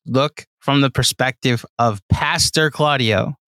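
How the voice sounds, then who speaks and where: A man's voice: medium pitch, measured pace, a bit bright, no echo, clean studio sound. A man co-hosting a sports podcast who teases and jokes with his fellow host in casual banter. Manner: teasing, joking.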